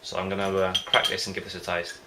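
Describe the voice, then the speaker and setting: A man's voice: sits low, monotone, fast, background noise. A man vlogging about home brewing in a casual, rambling way, often hesitating and losing his thread. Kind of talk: casual rambling chat to camera.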